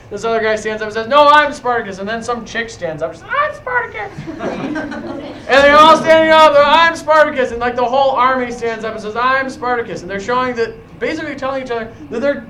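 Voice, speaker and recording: A man's voice: sits high, pushed and bright. A man teaching a history class, telling a story to his students with frequent restarts. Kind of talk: classroom lecture. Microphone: far camera. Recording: echoey classroom from far off.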